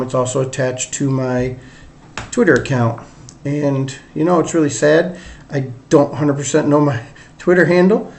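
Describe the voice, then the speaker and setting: A man's voice: a little high, darkish tone. A middle-aged man with a mixed Northern and Southern US drawl, hosting a casual solo sports show in a rambling, chatty, self-deprecating way. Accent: mix of Northern US and Southern US drawl. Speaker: sports podcast host.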